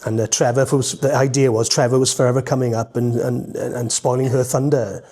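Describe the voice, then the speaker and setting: A Welsh man telling lively stories as a guest, animated and quick to slip into voices. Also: medium pitch. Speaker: entertainer guest. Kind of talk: casual storytelling.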